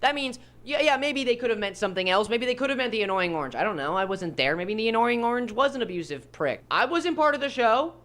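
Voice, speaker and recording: A woman's voice: fairly high pitch, lively intonation, fast talker, few pauses, fairly bright tone. A woman in a commentary video, reading messages aloud sarcastically.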